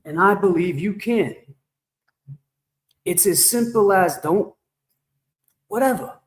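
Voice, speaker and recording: A fairly high-voiced man rambles and jokes through a casual livestream, answering his chat as he goes. His voice carries a big shower-like echo effect. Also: slow. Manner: rambling, joking, talks back to chat. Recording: echoey reverb effect on voice.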